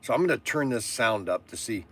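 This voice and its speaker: A middle-aged man who runs a toy shop, hosting a casual live stream in a loud, rambling, chatty way. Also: mid-range voice, expressive, fairly quick. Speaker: toy shop owner and vlog host.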